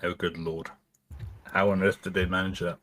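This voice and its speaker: Very deep man, dry reactions. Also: level tone, normal speed, crowd noise. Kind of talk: casual podcast chat. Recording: faint background noise.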